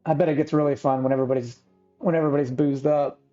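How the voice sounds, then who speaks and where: A man from Texas chatting casually on a live stream, laid-back and clearing his throat often. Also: on the high side, fairly even intonation, rapid-fire, mellow, soft background music. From Texas, United States. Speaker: stream regular and chat moderator. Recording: slightly dull lo-fi audio.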